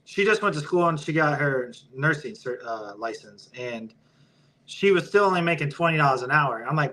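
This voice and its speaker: A man's voice: on the high side, expressive, moderate pace, sharp tone, low-quality recording. A male podcast guest in casual interview chat, blunt, profane and opinionated.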